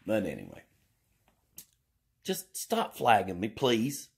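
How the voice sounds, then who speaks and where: A man's voice: fairly low pitch, wildly swooping pitch, slow, gravelly, a little mellow, breathy edge. A man, rambling and joking his way through an indoor vlog. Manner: rambling, jokey, drawling. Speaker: vlogger.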